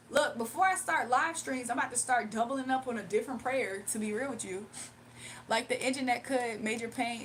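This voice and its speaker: A woman's voice: fairly high pitch, a little hiss or hum. A woman live streamer ranting casually, indignant and emphatic, with frequent laughs. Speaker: live streamer and spiritual reader.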